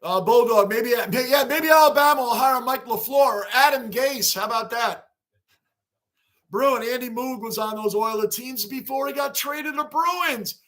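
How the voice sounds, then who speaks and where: A man with a very high, bright voice hosts a live sports reaction stream. He talks casually to his chat, calling out scores and names, and shouts when the game heats up. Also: normal speed. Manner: excitable, shouts at big plays, reads chat names aloud. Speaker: livestream host.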